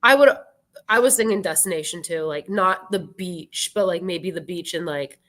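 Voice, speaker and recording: On a show, a twentysomething musician makes easygoing birthday small talk, her sentences stuffed with "like." She speaks at a normal speed in a lowish, fairly bright voice.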